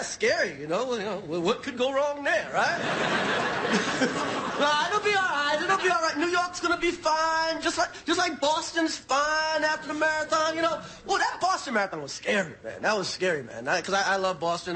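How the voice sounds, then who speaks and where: A man doing a stand-up monologue on a TV studio stage, loud and repeating his punchlines. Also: very high-pitched. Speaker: stand-up comedian. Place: TV studio stage with live audience. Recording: live show with loud crowd laughter. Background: audience laughing and cheering.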